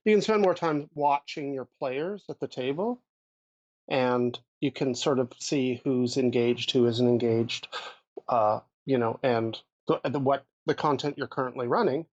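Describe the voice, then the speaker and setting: Slow and loose in his drift, this game master co-hosting a podcast talks casually about running tabletop games, often restarting as he thinks. His voice is mid-range with a darkish tone, and the recording is dry and muffled.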